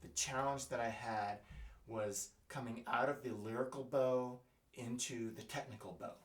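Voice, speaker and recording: A man teaching double bass, thinking aloud in a halting way with fillers and scatting rhythms as he plays. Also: fairly even intonation. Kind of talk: music lesson, thinking aloud while playing. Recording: roomy, mic at a distance. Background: double bass playing.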